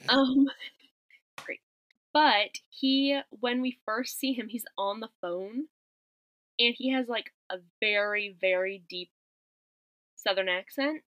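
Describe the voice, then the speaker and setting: On a podcast, a woman co-host casually and wryly recaps a movie scene by scene, quoting lines as she goes. Her voice is a little high and a bit bright, and she speaks slowly with frequent pauses. The recording is dry but muffled.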